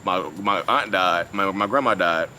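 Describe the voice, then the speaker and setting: Low-voiced man rambling outdoors by traffic. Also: normal speed, sharp tone. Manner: rambling and repetitive, with constant "you know what I mean". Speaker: vlogger discussing his own narcissism. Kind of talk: casual unscripted monologue. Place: outdoors at a beach. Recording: outdoor ambience with passing traffic.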